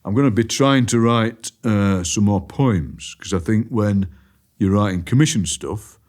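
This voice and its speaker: Yorkshire man telling lively stories. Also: fairly low pitch, measured pace. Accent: Barnsley Yorkshire. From Barnsley, England. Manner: lively, storytelling, drops into quoted voices. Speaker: podcast guest, poet. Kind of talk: casual conversation.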